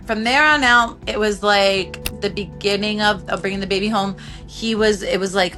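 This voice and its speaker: Halting woman telling her own story. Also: medium pitch, a bit bright, soft background music. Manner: halting, many restarts and filler "like". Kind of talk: personal testimony.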